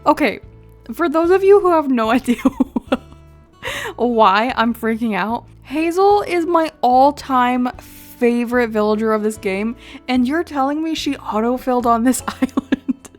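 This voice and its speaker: A young woman giving casual commentary while playing a video game, excitable and quick to gasp and laugh. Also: fairly high pitch, faint music behind. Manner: excitable, gasps and laughs often. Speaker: gaming video creator.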